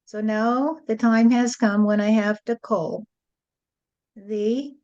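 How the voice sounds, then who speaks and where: A woman speaking as a spirit medium in a channeled spiritual address, with a slow, rhyming, sing-song preaching delivery. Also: fairly high pitch, steady tone, warm tone, muffled recording.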